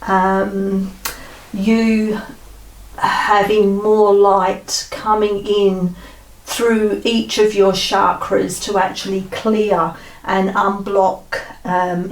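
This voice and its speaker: Slow-spoken woman reading oracle cards. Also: medium pitch. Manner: slow, gentle, pausing with fillers. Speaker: tarot card reader. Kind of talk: spiritual oracle card reading. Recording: roomy sound from a distance.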